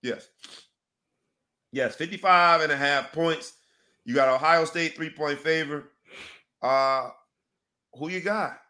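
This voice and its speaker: Guy hosting a sports podcast, bright forceful voice, gets hyped and animated. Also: on the high side, slow pace, long pauses. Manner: animated, hype-building delivery; rambling sign-off with repeated pleas. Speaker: podcast co-host. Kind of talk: casual sports talk.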